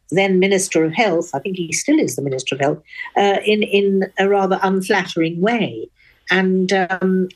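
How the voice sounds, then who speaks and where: An older Englishwoman with a posh Oxford accent, a guest in a radio interview, speaking frankly and wittily with crisp diction. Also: medium pitch. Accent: upper-class English (Oxford). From England.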